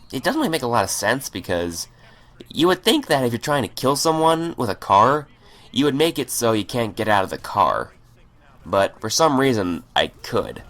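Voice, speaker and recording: A man hosts a gaming video and tells a long story in a loose, swearing ramble, tripping over his words and starting sentences again. His voice moves freely up and down in pitch, with a middling, ordinary register underneath. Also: fairly bright tone. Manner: rambling and profane, with stammered restarts. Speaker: gaming channel host. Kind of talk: casual storytelling over gameplay.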